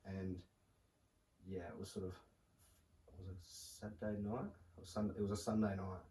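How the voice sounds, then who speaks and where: A young man, a podcast guest telling a personal story in a halting, soft-spoken way with many fillers. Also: low-pitched, little pitch movement. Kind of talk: casual podcast conversation. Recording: roomy, distant mic with faint noise.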